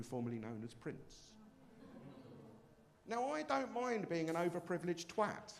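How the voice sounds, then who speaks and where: A man's voice: a little high, vocal fry. A man performing a brash, self-mocking stand-up comedy set on a club stage.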